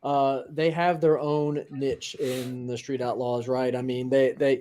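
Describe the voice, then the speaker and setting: A man's voice: medium pitch, flat delivery, unhurried, dark tone. A man speaking as a guest racer in a casual interview, easygoing and full of "you know.". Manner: easygoing, repeats himself, says "you know" a lot.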